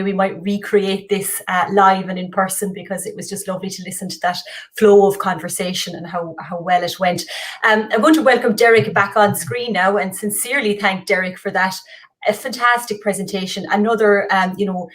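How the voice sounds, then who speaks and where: A woman hosting a formal event, speaking warmly and thanking the speakers. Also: mid-range voice, steady tone, a little fast. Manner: warm, thankful. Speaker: event host.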